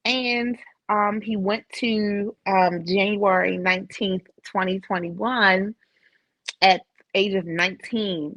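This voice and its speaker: A middle-aged woman tells a personal story, emotional and animated, now and then laughing through it. Her voice sits at a middle pitch. The recording is dry and a little dull. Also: measured pace, no echo. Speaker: podcast guest.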